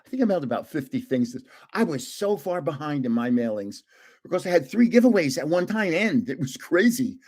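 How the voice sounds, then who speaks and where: Brisk and very animated, with a high-leaning, darkish voice, the older host chats casually on a trading card livestream. He rambles through stories, self-correcting and chuckling between sentences.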